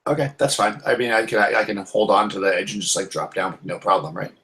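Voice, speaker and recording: A man's voice: lowish voice, quick pace, fairly bright tone. A man playing a tabletop game, talking through his character's moves aloud. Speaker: player. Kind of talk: casual tabletop game play.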